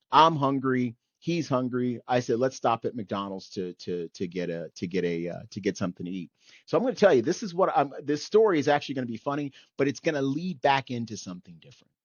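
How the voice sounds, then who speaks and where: A middle-aged man hosting a podcast, telling a story in animated bursts with many "okay?" and "anyway" asides. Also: medium pitch, no echo, dull audio. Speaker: podcast host. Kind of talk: storytelling in casual chat.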